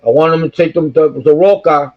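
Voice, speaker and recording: A male co-host who tells animated anecdotes in a casual podcast conversation. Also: fairly high pitch, fairly quick. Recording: dull lo-fi audio.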